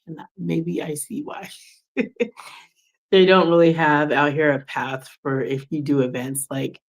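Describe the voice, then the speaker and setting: A woman's voice: low-pitched, steady tone, a little slow. A woman in her forties hosting a podcast, talking casually and personally late at night, acting out the exchanges she recalls. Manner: casual, chatty, acts out quoted exchanges. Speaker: podcast host.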